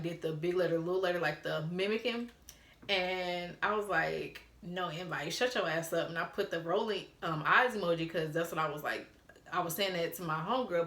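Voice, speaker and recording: A woman in her twenties telling a story to camera, animated and profane, laughing as she acts out old text messages. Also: on the low side, echoey room. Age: 20s. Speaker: storytime vlogger.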